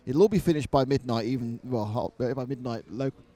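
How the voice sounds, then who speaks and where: A man's voice: medium pitch, brisk, mellow. A man commentating live on a model car race, mixing race calls with jokey banter.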